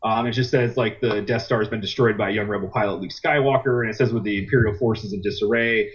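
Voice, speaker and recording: A man's voice: fairly low pitch, steady tone, quick pace. A man co-hosting a podcast in casual chat, rambling through a plot retelling with lots of fillers. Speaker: podcast co-host. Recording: dull lo-fi podcast recording.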